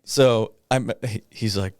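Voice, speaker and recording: Low-voiced man telling a hard story. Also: fairly even intonation, darkish tone, no room sound, clean studio sound. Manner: halting, full of pauses and fillers, with rueful laughs. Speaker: guest, police officer. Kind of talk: conversational storytelling in a podcast interview.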